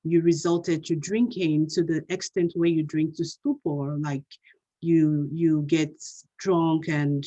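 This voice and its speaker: A woman with a low, mellow voice plays a counselor in a role-play. She speaks gently and haltingly, often stopping to restart or fill a pause. The sound is the dull, lo-fi audio of a video call. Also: flat delivery.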